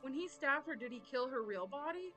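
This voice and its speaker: A young woman with a high, bright voice hosts a reaction video. She chats casually and keeps talking back at the screen with quick exclamations. Soft music plays faintly behind her. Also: expressive, low-quality recording.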